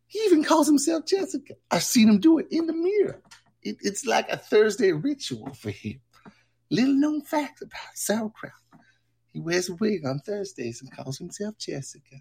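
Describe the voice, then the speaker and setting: A brash, campy woman producer, put on by a man on a livestream, with a high teasing falsetto. The voice swoops and jumps about lively, with a gravelly, husky edge to it. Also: moderate pace, full character voice. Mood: campy sassy. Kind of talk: livestream character bit.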